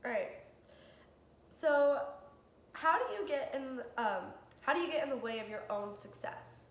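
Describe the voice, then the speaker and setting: A young woman vlogging, answering personal questions to the camera in a candid, earnest way with frequent ums. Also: a little high. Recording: echoey room with faint background hiss.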